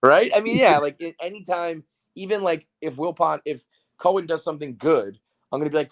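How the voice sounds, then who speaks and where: A man hosting a sports podcast, talking fast and loose in casual banter with a lot of swearing. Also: fairly high pitch. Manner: profane, excitable sports banter. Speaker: podcast host. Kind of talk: casual chat.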